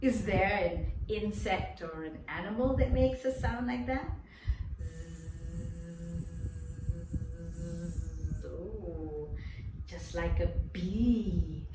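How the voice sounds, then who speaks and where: A woman teaching a drama lesson to young children online, speaking in a slow, clear and encouraging way. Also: mid-range voice, animated, over music. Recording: echoey room, mic at a distance, noisy.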